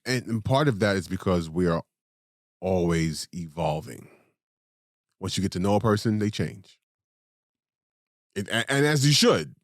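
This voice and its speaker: Lively, low-voiced rambling male co-host. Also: no room sound, studio quality. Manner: animated, rambling, halting restarts. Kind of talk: casual podcast chat.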